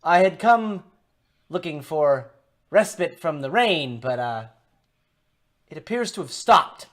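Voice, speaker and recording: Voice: medium pitch, animated, slow. A game master voicing a polite, lost stranger man in plain clothes who offers his services. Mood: courteous. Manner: courteous, formal offers of service.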